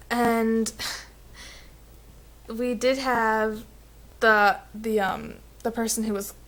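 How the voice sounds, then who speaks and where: A woman's voice: fairly high pitch, fairly bright tone, poor audio. A young woman chatting casually in a vacation vlog, rambling along with lots of "um" and "like". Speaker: vlogger.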